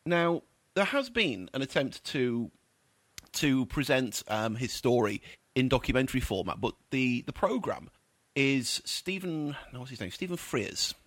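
A man's voice: mid-range voice, big pitch swings, measured pace, fairly bright tone, no room sound. A man working as a film critic, giving a scathing, opinionated review in casual chat.

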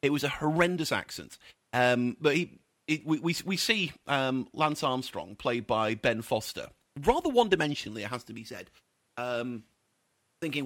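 A man's voice: mid-range voice, lively intonation, fairly quick, fairly bright tone, no room sound. A man working as a film critic, giving a scathing, opinionated review in casual chat.

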